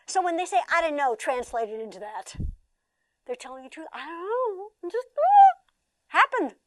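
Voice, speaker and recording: An older woman leads a training workshop in a fairly high voice, animated and chatty, tossing rhetorical questions to a seated audience. The sound is dry and close, with almost no room echo. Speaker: trainer and former therapist.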